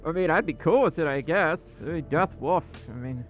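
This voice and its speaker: A male livestream host chatting casually with viewers, excitable and self-deprecating. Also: a little high, a little fast, muffled recording, soft background music.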